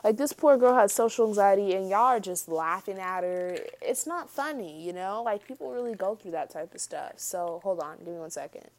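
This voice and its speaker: A woman's voice: medium pitch, lively intonation, moderate pace, few pauses, a little mellow. Chatty young woman vlogging. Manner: chatty, filler-heavy, addresses viewers as y'all. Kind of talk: casual commentary vlog.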